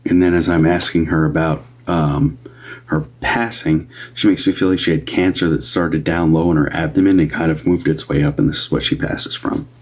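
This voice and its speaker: A deep-voiced man on a casual livestream, rambling through his readings with fillers. He pops up higher to welcome viewers and sometimes drops to a soft whisper. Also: fairly even intonation, moderate pace. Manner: chatty, greets viewers in a higher upbeat voice. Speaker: medium doing live readings.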